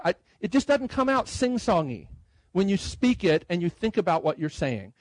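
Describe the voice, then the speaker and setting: A middle-aged man speaking at a conference about writing hymn tunes, talking in a conversational way and slowly reading lines out loud. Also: high voice, big pitch swings, dry recording, low-quality recording. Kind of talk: conference talk. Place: conference room.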